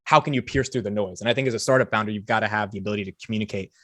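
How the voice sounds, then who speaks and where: A young man, a startup founder and co-host, chatting casually and talking very fast. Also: lowish voice, no room sound. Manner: very fast, animated talker. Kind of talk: casual podcast banter.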